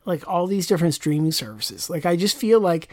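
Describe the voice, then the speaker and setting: A woman's voice: lowish voice, sing-song, fairly quick, darkish tone, no echo. A woman co-hosting a podcast in casual chat, rambling and chatty, full of asides and fillers.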